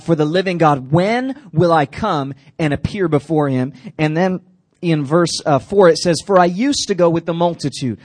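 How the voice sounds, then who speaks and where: Animated high-voiced youth pastor. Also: male voice, dry recording. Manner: animated, playful asides to the crowd. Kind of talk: youth sermon.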